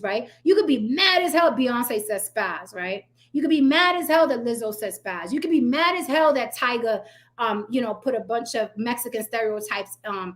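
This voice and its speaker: A woman's voice: a little high, a bit bright. Blunt, profane woman ranting to viewers. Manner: blunt, profane, sarcastic, talks straight to viewers. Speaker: commentary channel host. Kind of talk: casual ranting commentary.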